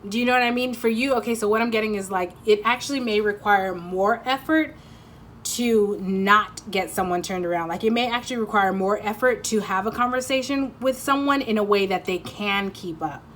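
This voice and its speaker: A woman's voice: mid-range voice, normal speed, a bit bright, a little hiss or hum. A woman giving a casual pick-a-card tarot reading, rambling and teasing, often breaking into laughter.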